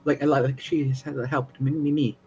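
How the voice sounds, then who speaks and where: A nervous envoy, as a player puts him on stumbles over his words with a heavy stutter, repeating syllables again and again. The man's voice sits at a middle pitch, and faint music plays behind him. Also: flat delivery, moderate pace, a little mellow, muffled recording, a little hiss or hum, close to an everyday voice. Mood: stammering, pleading. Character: nervous stammering male merchant's envoy. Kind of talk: tabletop role-play.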